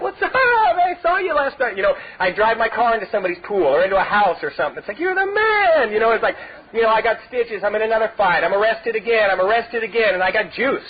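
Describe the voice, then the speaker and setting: High-voiced man rambling through his story. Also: breathy edge. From Southern California. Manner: rambling storyteller, many "you know" fillers, laughs through his own stories. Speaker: recovery meeting speaker. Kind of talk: personal testimony talk. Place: meeting hall. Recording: dull lo-fi tape recording.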